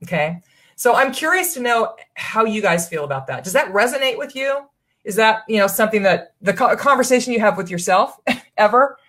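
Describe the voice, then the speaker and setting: A woman's voice: a little high, lively intonation, fairly quick, fairly bright tone. Woman, online business coach, casual live-stream delivery, earnest and encouraging. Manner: chatty, earnest, encouraging, many restarts. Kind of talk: live webinar Q&A.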